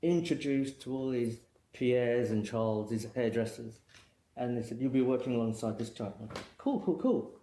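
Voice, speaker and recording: A man's voice: medium pitch, fairly even intonation, moderate pace, mellow. A middle-aged man from England, a guest hairdresser telling long rambling anecdotes in casual chat. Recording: echoey room with faint noise.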